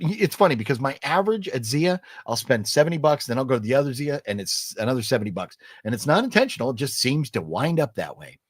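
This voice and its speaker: A man hosting a casual live chat, reading out chat messages as he goes, animated and rambling, with many fillers and restarts. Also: mid-range voice, dry recording, studio quality. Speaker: livestream host reading chat.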